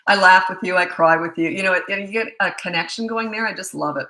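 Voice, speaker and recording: A chatty woman in her sixties with a bright, forceful voice talks casually to her viewers as a parenting coach. She reads their questions aloud and laughs easily, and her voice rings in an echoey room. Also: lowish voice, quick pace. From Canada. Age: 60s. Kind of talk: casual live Q&A chat.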